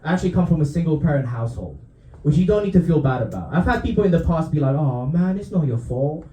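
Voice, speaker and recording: A young stand-up comic from Romania works a club crowd, his voice swinging up and down as he chuckles through his own punchlines. His tone is warm and mellow, and the stage mic picks up the room's echo around him. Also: on the high side, expressive, racing. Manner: laughs often at his own jokes, dry asides. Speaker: stand-up comedian. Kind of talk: stand-up routine. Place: comedy club.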